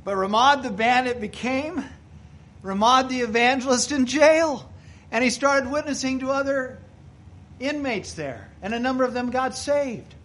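Man, pastor, high voice, sermon, storytelling, emphatic bursts. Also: measured pace, a bit bright.

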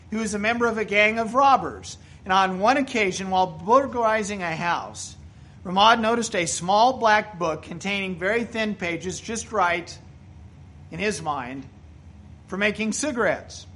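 High-voiced storytelling male pastor. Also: expressive, moderate pace, fairly bright tone. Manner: storytelling preacher, rising to emphatic bursts. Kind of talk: sermon.

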